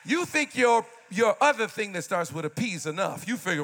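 A pastor in his fifties delivers a sermon in a high, bright voice. He swings between loud, animated bursts and quiet, confiding asides to his listeners. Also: normal speed, few pauses. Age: 50s.

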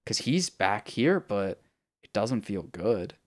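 A man's voice: lowish voice, very animated, slow pace. A man co-hosting a podcast, retelling a video game story in a rambling, profane way with lots of fillers. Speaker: podcast co-host. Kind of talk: casual chat about a video game.

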